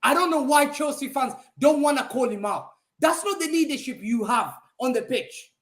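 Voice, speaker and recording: Male fan-show pundit, high voice, swinging pitch, mocking and emphatic, roomy echo on the recording. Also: normal speed. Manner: animated, mocking, emphatic repetition. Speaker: football pundit. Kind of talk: heated football fan talk show rant.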